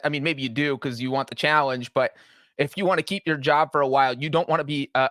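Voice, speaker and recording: A man's voice: fairly high pitch, a bit bright, dry recording, clean studio sound. A man co-hosting a casual sports podcast, laying out his points step by step. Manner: analytical, lays out points step by step. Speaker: podcast co-host.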